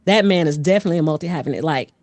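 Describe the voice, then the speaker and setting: A woman guest who is a vocal coach and voice actor, telling stories in a lively casual way, often laughing and dropping into voices. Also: deep voice, rapid-fire, dry recording. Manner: animated, laughs often, slips into character voices. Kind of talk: casual podcast storytelling.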